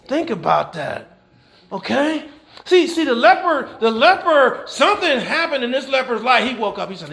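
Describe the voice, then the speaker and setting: High, gravelly-voiced preacher in echoey room. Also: male voice, normal speed. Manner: animated preaching with rhetorical questions and repeated phrases; folksy Southern American church phrasing. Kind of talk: sermon. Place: church.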